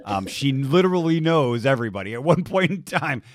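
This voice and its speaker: A man's voice: mid-range voice, expressive, brisk. A man hosting a podcast, chatting casually in a playful, teasing way, with some swearing. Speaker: podcast host.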